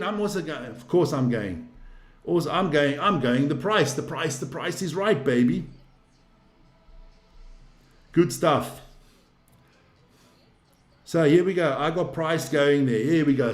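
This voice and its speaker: A man hosting a casual live stream, rambling, swearing freely and getting excitable. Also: a little high, roomy sound.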